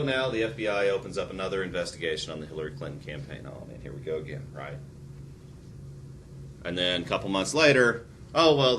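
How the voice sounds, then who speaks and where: A man teaching a recorded history lesson, animated and prone to sarcastic asides. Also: low voice, background noise.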